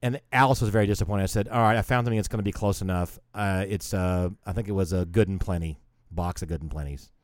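A man's voice: low-pitched, quick pace, no echo, clean studio sound. Rambling, swearing man in casual chat. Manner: rambling storyteller, swears, acts out quoted voices. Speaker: podcast co-host.

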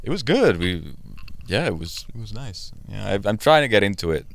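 A man from the UK in a casual group chat, self-deprecating and quick to laugh. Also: on the low side, sing-song, creaky.

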